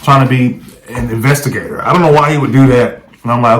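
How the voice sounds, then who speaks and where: A man's voice: mid-range voice, a little fast, low-quality recording. A man vlogging, recounting a story in a casual, conversational way and often checking in with the viewer. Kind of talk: casual first-person storytelling.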